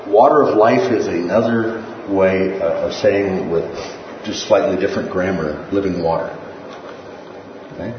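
A man's voice: low-pitched, measured pace, a little hiss or hum. A man teaching a Bible class in a conversational way, often checking in with his listeners. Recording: distant, dull echoey room.

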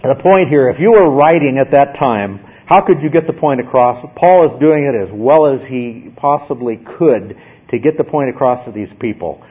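A man's voice: mid-range voice, expressive, normal speed. A man teaching a Bible study, emphatic and repeatedly checking in with his listeners. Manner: emphatic, asks "okay?" often. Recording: tinny phone-like sound.

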